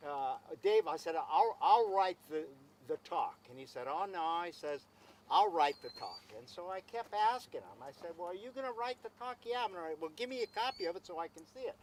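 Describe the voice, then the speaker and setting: High-voiced man telling a story. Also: animated, fairly quick, slight background noise, poor audio. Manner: anecdotal, repeats himself, acts out dialogue. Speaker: speaker at a celebration. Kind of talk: storytelling speech.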